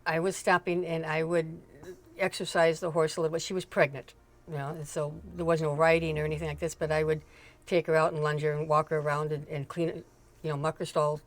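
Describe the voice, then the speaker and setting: A woman's voice: low voice, level tone, fairly quick. An older woman, a mother, telling family stories in a chatty, rambling way with frequent laughs and asides. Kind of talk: casual storytelling chat.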